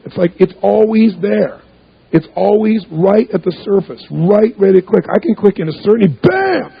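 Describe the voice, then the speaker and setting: A man's voice: high-pitched, normal speed. A man giving an emphatic, punchy seminar talk as a motivational speaker, repeating words for effect. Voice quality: gravelly, husky voice. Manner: emphatic, repetitive, punchy delivery. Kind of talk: seminar talk to a live audience. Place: hotel event room. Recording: muffled lo-fi recording.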